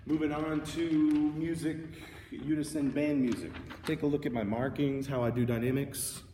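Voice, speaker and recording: A man's voice: a little high, fairly even intonation, moderate pace, warm tone, a little hiss or hum. A man giving a casual, upbeat music lesson, explaining how to play a passage. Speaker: music teacher. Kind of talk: instrument tutorial. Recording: echoey room from far off.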